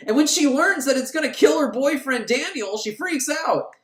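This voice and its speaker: A man's voice: extremely high pitch, animated, normal speed, fairly bright tone. A man giving a sarcastic, rambling comedic recap of a movie plot. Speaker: host recapping a film. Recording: roomy echo.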